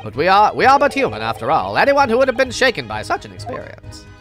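A woman's voice: medium pitch, huge pitch swings, fast talker, fairly bright tone, soft background music, voice pushed down. A woman voicing a pompous, oblivious British detective who speaks very formally.

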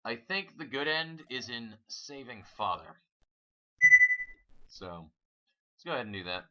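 A man's voice: medium pitch, very animated, measured pace, very noisy. A man making casual, offhand commentary while he plays a game. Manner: chatty, offhand. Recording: dull lo-fi under loud game music.

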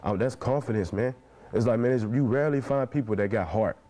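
Fervent man in his twenties, dark-voiced. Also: mid-range voice, a little fast. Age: 20s. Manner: passionate, preacher-like cadence, fills every phrase with "man". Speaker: interviewee. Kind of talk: earnest interview talk.

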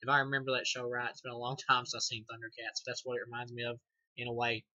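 A man's voice: mid-range voice, completely flat delivery, fast, bright, forceful tone, no room sound, muffled recording. A man giving a casual, rambling movie review, loose and profane, laughing and restarting as he goes.

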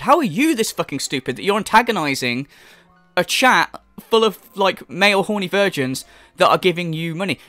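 A man rants through a reaction commentary, sarcastic and profane, his pitch leaping up and down as he mocks and scolds. He sounds close to the mic in a dry, dead room. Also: bright, forceful tone, no echo. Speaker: commentary YouTuber.

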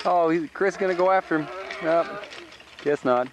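A man's voice: sits high, lively intonation, normal speed. A man filming his family with a handheld camcorder at an outdoor campground, chatting playfully and teasing the kids. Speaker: home video camera operator. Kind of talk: casual home video narration. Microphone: handheld camcorder mic. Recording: noisy outdoor camcorder audio with traffic.

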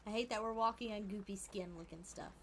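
A young woman streamer chatting casually while she plays a game, animated and giggly, squealing at surprises and murmuring quiet asides. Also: mid-range voice, quick pace, noisy background. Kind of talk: casual gameplay commentary.

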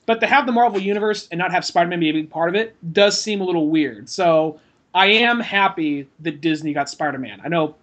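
Bright high-voiced man chatting casually. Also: animated, a little fast. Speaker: podcast co-host. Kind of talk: casual chat.

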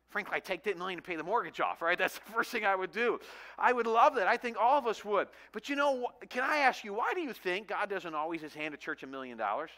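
Bright, high-voiced man preaching a sermon. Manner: conversational preaching with rising emphasis. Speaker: pastor.

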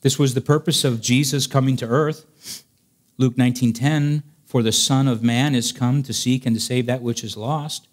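Earnest preaching man, ordinary pitch. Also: fairly even intonation, moderate pace. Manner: earnest preaching, rising to emphatic peaks, dropping soft for stories. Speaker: pastor. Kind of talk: sermon.

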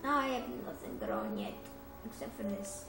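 A woman giving rambling, casual commentary on her gameplay, chatty and excitable and often correcting herself, recorded on a phone. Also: on the high side, normal speed, creaky. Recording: roomy echo with music behind.

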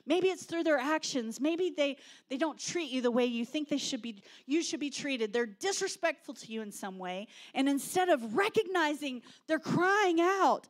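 A woman pastor, preaching a sermon with animated storytelling and shouted quotes. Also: high voice, unhurried.

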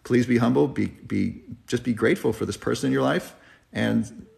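Gravelly-voiced man hosting a live Q&A. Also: medium pitch, moderate pace, a little mellow. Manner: earnest, reflective, tearing up at times. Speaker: health channel host. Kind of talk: live Q&A chat. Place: driving, in a car.

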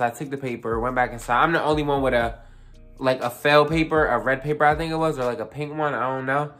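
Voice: mid-range voice, quick pace, faint music behind. Young adult telling a profane storytime. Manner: animated, profane storytelling with lots of fillers and asides to viewers. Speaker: vlogger. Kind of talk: casual storytime vlog.

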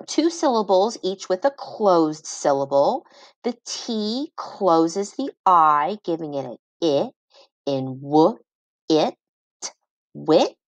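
A woman teaches phonics to young children, slowly sounding out each part of a word. Her voice sits a little low and her pace is unhurried. The sound is dry and close, with no room echo. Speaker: reading teacher.

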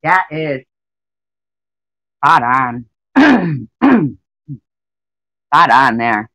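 A woman's voice: rumbling low, no room sound, lo-fi sound. A woman chatting casually on a live stream, rambling and emotional as she greets her viewers by name.

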